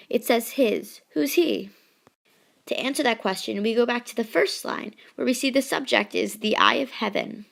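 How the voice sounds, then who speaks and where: A young woman walks through a screen-recorded lesson. Her voice sits a touch high and has a noticeable vocal fry. She keeps the explanation upbeat and chatty, with casual asides. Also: bright, forceful tone. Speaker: teacher.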